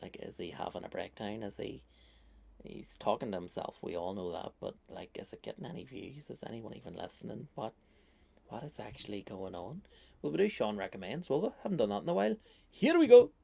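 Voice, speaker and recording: A man's voice: on the low side, animated, brisk, creaky, a little mellow. A man, rambling on his own solo comedy podcast, sweary and self-mocking. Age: 30s.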